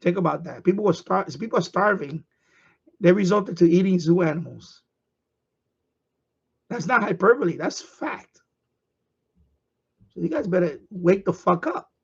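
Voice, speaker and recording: A man's voice: sits high, lively intonation, normal speed, creaky, long pauses, slightly rough, lo-fi sound. A man ranting on his live stream, profane and heated, repeating himself.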